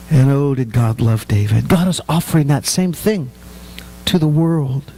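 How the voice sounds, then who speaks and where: A man's voice: mid-range voice, a little slow, warm tone. A middle-aged man, a pastor, preaching a sermon in a humorous, conversational way.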